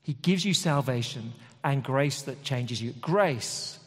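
A man's voice: mid-range voice, animated, takes it slowly, slightly rough. A man preaching a sermon in a conversational, emphatic way with lots of repetition. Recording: long hall reverb.

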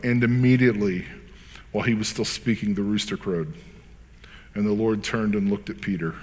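A man's voice: lowish voice, brisk, in a large hall. A man reading scripture aloud, then preaching in an earnest, conversational way with casual fillers. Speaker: pastor.

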